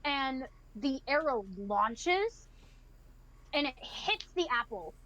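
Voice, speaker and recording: A woman's voice: high-pitched, very animated, slow pace, fairly bright tone, poor audio. A woman narrating a tabletop game as its game master, describing each scene vividly.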